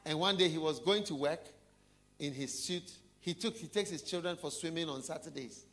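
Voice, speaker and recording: Speaking at a normal speed, a preacher works through a story in his sermon and poses questions to the congregation. His voice often drops down low and soft.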